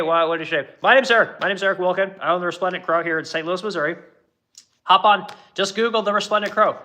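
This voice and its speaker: Middle-aged man, blunt and profane, slightly high pitch, live-stream rant. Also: bright, forceful tone. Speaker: furniture business owner. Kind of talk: livestream chat with viewers.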